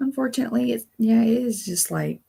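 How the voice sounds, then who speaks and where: A young woman chats through a casual live stream, bubbly and full of little exclamations. Her voice is husky with a gravelly edge, and her pitch swings widely. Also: animated, fast talker, mellow. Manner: bubbly, chatty, exclaims often. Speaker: crochet channel host.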